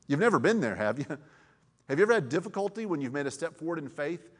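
A man preaching a sermon in a relaxed, conversational way, with many fillers and restarts and frequent questions to his audience. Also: fairly high pitch, fast talker. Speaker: pastor. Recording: long reverb of a large hall.

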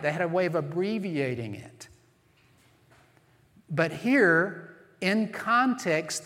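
A man preaching a sermon as pastor, earnest and emphatic, slowing down to stress key phrases. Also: fairly high pitch, fairly bright tone. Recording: long reverb of a large hall.

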